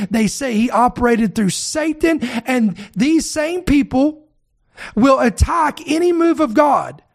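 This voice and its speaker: A male preacher in full sermon mode, his voice pitched high for a man. He talks with fervent emphasis, stacks up phrase after phrase and keeps calling on the congregation to answer him. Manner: repetitive, building lists.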